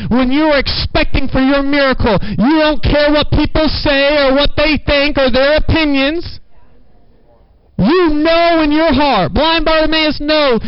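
Male preacher, fervent sermon delivery, high voice; dull, dry sound. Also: no room sound. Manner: fervent, call-and-response exhortation. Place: church service.

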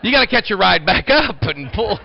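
A man preaching a folksy storytelling sermon, swinging from loud bursts to quiet asides. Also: high voice, very animated, fairly quick, vocal fry. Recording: dull lo-fi sound.

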